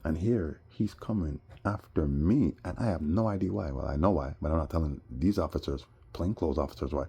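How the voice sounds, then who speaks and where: A man telling a rambling personal story, animated and sometimes heated. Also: on the low side, quick pace, gravelly, slightly rough. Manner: animated, rising to heated outbursts.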